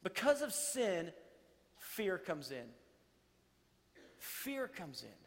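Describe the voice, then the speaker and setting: A man preaching a sermon to a congregation, conversational and animated, with playful asides. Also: sits high, extremely slow, pauses often, long reverb tail. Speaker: pastor.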